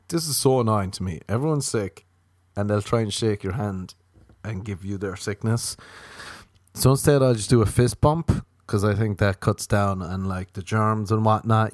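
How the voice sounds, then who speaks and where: Low-voiced guy riffing crude comedy, jumps to squeaky mocking voices, dry close sound. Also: normal speed, no room sound. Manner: animated, jumps into high mocking voices for quoted people. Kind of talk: rambling comic monologue.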